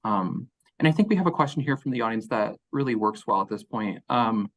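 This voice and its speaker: A man moderating a conference panel, reading a question from the audience in a measured way. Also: on the low side, animated.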